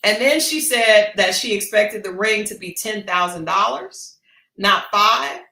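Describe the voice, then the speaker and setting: A woman's voice: mid-range voice, unhurried, vocal fry, reverberant. A woman co-hosting a livestreamed chat show, giving blunt, gossipy commentary on a reality dating series. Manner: blunt, gossipy, animated retelling. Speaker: podcast co-host. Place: home studio for a livestream.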